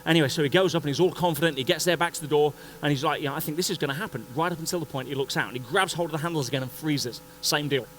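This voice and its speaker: A man giving a motivational talk at a conference, telling a story in an animated way and acting out the scenes. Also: fairly high pitch, rapid-fire, hardly any pauses, a little hiss or hum, low-quality recording. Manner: animated, acts out scenes and voices. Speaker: conference speaker. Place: conference stage before an audience.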